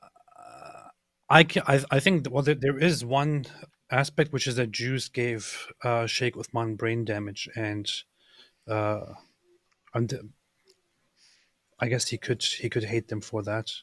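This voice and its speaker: A man co-hosting a casual livestream chat, deadpan and dry, with hesitant restarts. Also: mid-range voice, takes it slowly, pauses often, dry recording. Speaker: co-host.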